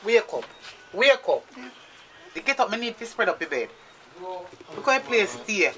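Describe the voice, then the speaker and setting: A woman's voice: mid-range voice, big pitch swings, a little slow, bright, forceful tone. A woman with a Jamaican accent, acting in a drama as a nagging woman waking a lazy man. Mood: scolding. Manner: nagging, scolding patois. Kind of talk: low-budget drama acting.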